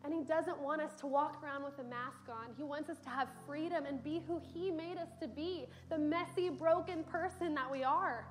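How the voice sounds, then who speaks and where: A young woman preaches a sermon in a church sanctuary at a moderate pace, hardly pausing at all. Her voice sits high, and she tells stories earnestly with casual, conversational fillers.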